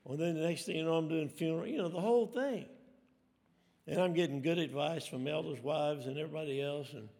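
A man's voice: a little high, a little fast, a little mellow. A middle-aged man, telling rambling, self-deprecating stories from the pulpit. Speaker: preacher. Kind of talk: storytelling sermon. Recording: long hall reverb.

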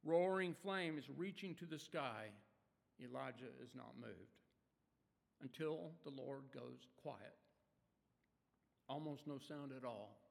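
A man preaching a sermon, retelling a story dramatically with rhetorical questions and shifts from loud to hushed. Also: medium pitch, takes it slowly, vocal fry, pauses often, big-room sound.

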